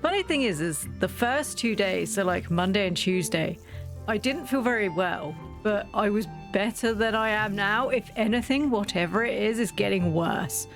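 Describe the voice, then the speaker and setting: A woman's voice: mid-range voice, animated, normal speed. Sick woman streamer chatting while gaming. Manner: chatty, self-deprecating, laughs often, greets chat by name. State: sick, coughing and sore-voiced. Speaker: game streamer. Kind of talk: casual live-stream chat while playing. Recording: faint background game music.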